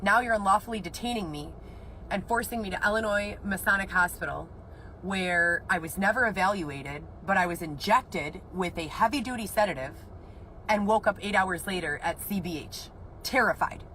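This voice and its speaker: A woman's voice: mid-range voice, normal speed, pushed and bright, a little hiss or hum, low-quality recording. A woman telling her own story in an agitated, rambling way, swearing often. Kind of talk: emotional personal account.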